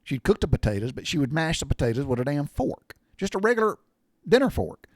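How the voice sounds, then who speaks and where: A man's voice: a little high, very animated, fast talker, no echo, studio quality. An older man, telling rambling, folksy home stories with mild cussing. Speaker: storyteller sharing memories. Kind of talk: casual storytelling monologue.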